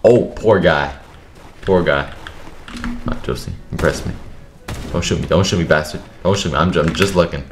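A young man giving rowdy, profane commentary over his own gameplay, excitable and quick to burst into shouting. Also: deep voice, over music. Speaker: gaming video creator. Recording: echoey room with keyboard clatter. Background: keyboard clicks and typing.

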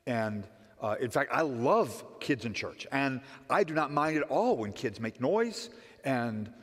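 A middle-aged man preaching a conversational sermon as pastor, often asking "right?" and swinging between loud emphatic lines and soft quiet ones. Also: mid-range voice, sing-song, a little slow. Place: church sanctuary. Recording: long church reverb.

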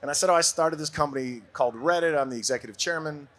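A man's voice: a little high, quick pace. Laughing storyteller man from Brooklyn. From Brooklyn, USA. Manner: animated storyteller, laughing often. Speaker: podcast guest. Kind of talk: casual storytelling interview.

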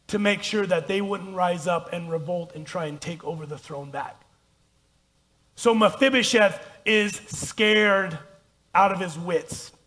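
A man's voice: high voice, fairly bright tone. A man pastor preaching a conversational, self-deprecating sermon and reading scripture aloud in a church. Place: church sanctuary.

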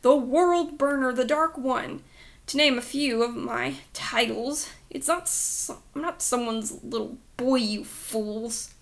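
A woman voicing an evil Dark Lord trapped as a boy, who talks in a weak, raspy, boyish voice and shouts his titles indignantly. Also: a little high, normal speed, slight background noise. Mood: outraged.

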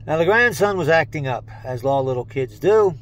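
A man's voice: a little high, expressive, moderate pace, slight background noise, poor audio. Older man telling a folksy joke. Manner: plain, chatty folksy delivery. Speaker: joke teller and channel host. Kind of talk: casual storytelling of a joke.

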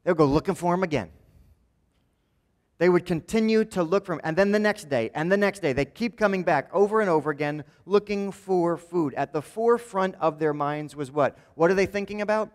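A male pastor preaches in a loose, conversational way, often tossing "right?" to the congregation. His voice sits a little higher than most men's. A long church-hall reverb trails behind every phrase. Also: fairly quick. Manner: acts out quoted speakers in changed voices. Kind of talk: sermon. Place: church sanctuary.

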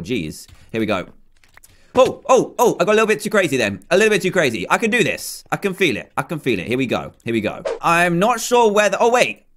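Animated young man gaming. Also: fairly high pitch. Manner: chatty, self-mocking, easily flustered. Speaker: gaming YouTuber. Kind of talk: let's play commentary.

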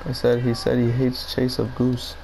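A man's voice: medium pitch, completely flat delivery, moderate pace, creaky, mellow, a little hiss or hum, low-quality recording. A man giving crude, profane commentary while playing a video game. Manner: crude, profane trash talk. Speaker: gamer commentating gameplay.

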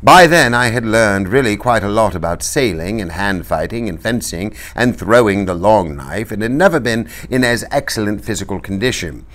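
Man reading a book out loud, low voice, pitch moving all over. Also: moderate pace, hardly any pauses. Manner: expressive, lively storytelling. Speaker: reader. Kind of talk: reading a novel aloud.

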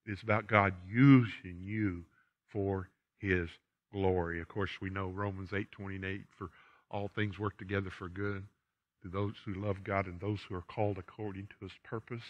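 A man's voice: low voice, fairly even intonation, normal speed. A man preaching a sermon to his congregation in a church, emphatic and repeating key phrases. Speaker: pastor. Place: church sanctuary. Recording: dull lo-fi church recording.

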